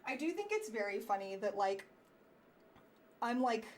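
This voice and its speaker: A woman livestreaming political commentary, reading chat aloud in a sarcastic, animated way and swearing freely. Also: on the high side, moderate pace, slight background noise.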